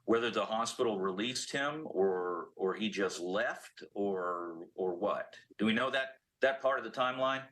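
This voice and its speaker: A male panelist on a news show, thoughtful and asking careful questions. His voice is lowish but bright and forward in tone. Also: measured pace, few pauses, low-quality recording. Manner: reflective, questioning. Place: TV studio.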